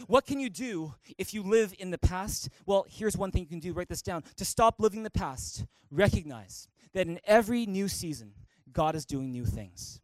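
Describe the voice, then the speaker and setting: A middle-aged male pastor giving a lively sermon, acting out quoted voices and singing snatches of song. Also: high voice, no room sound, low-quality recording. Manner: energetic, animated preaching that acts out quoted voices and sings snatches of song.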